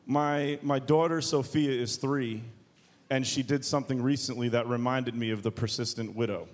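A man's voice: medium pitch, fairly even intonation, normal speed. Guy preaching, chatty and jokey, tells stories like he's just talking to friends. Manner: joking, conversational storytelling. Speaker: pastor. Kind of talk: sermon.

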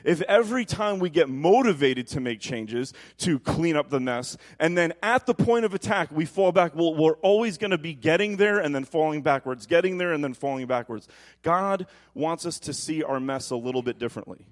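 A man in his thirties preaching a lively sermon in a church, telling stories animatedly and dropping soft and low when quoting God. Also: normal speed. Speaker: pastor.

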